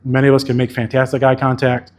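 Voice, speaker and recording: A man speaks at a conference keynote in a casual, candid way, swearing freely as he talks. His voice sits in an ordinary middle pitch. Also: monotone, fast talker, darkish tone. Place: conference venue.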